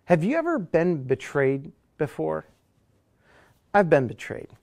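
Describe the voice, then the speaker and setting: A middle-aged man preaching with a voice a touch higher than most. He talks to the congregation like a friend, sinking to near-whispers and then rising with energy. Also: big pitch swings, measured pace, vocal fry. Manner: conversational preacher, dynamic swings from hushed to loud. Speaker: pastor. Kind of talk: sermon.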